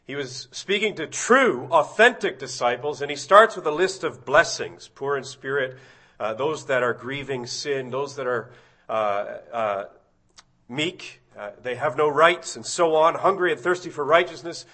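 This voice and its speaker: A middle-aged man giving a sermon as a visiting preacher, reading scripture aloud and slowing down to stress key words. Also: medium pitch, animated, bright, forceful tone. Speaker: guest preacher.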